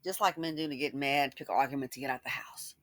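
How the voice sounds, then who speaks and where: A woman's voice: extremely low pitch, quick pace, dry recording. A woman giving sassy, scolding commentary in a casual style. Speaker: commentary host.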